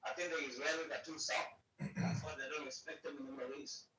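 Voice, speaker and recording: A man's voice: on the high side, fairly even intonation, quick pace, bright, forceful tone, a little hiss or hum. A man speaking as a guest on a podcast, heated and repetitive, swearing heavily. He is recorded in an echoey room with the mic at a distance. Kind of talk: profane political podcast chat.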